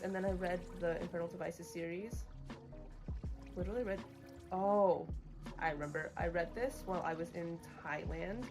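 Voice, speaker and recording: A woman livestreaming, chatting casually about books she has read, bluntly opinionated and full of "like". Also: lowish voice. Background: music playing.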